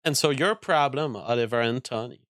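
Bright-voiced ranting man. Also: mid-range voice, moderate pace, dry recording. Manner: ranting, profane. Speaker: streamer. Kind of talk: reacting to clips.

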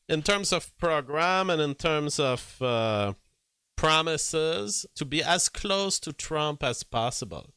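Guy ranting about politics, opinionated, bright sharp voice, dry close sound. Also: a little high, clean tone, no echo. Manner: opinionated, mocking impressions, frequent restarts. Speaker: political commentator. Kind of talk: casual political commentary.

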